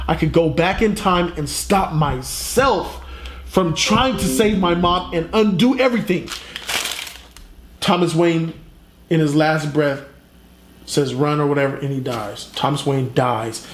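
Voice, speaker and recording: A man retelling a comic plot in a casual, animated, profane way, as a reviewer. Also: a little high, measured pace. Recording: roomy echo.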